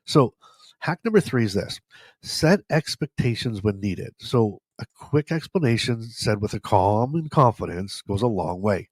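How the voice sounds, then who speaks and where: A man's voice: lowish voice, animated, measured pace, husky, dry recording. A man hosting a podcast, telling stories in a casual, joking, self-deprecating way with a stuffy nose. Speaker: podcast host. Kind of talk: casual storytelling monologue.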